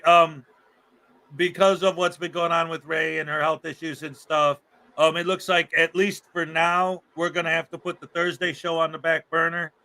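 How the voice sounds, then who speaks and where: A man's voice: on the high side, sharp tone. A man hosting a livestream in casual chat, upbeat and repeating words for emphasis. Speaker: livestream host.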